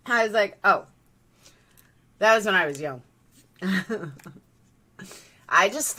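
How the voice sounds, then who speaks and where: Bright-voiced chatty woman streamer. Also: mid-range voice, very animated, slow, long pauses. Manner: chatty, rambling, reacting to a live feed. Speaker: livestream host. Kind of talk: casual live commentary.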